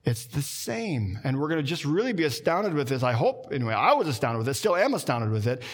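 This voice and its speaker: A man preaching a sermon in a conversational way, slowing down and dropping his voice for emphasis. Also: sing-song. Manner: conversational preaching, slows down and drops low for emphasis. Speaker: pastor.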